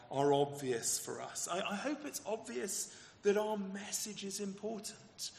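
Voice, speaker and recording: A man, the vicar, preaching a lively sermon and acting out the quoted exchanges, with some stumbles and repeated words. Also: high-pitched, creaky, roomy sound, long reverb tail. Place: church.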